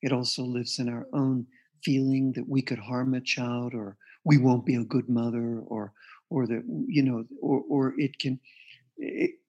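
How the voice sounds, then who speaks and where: A man's voice: mid-range voice, flat delivery, a little slow, a little mellow, breathy edge, lo-fi sound. A man being interviewed as a guest therapist, earnestly recounting a client's case and quoting the dialogue. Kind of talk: interview storytelling.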